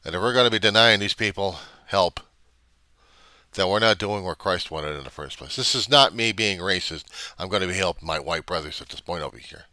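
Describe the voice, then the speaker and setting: A man's voice: sits low, brisk, bright, forceful tone, dry recording. An older man, a reverend, ranting in a rambling, indignant way and swearing often. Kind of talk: casual rant on camera.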